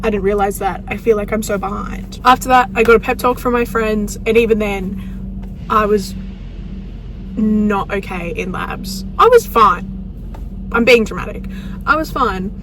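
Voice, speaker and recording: A young adult nursing student chats candidly to camera from inside her car, her mid-range voice steady and moderately paced. She uses lots of "like" and "um," and car and road noise can be heard behind her.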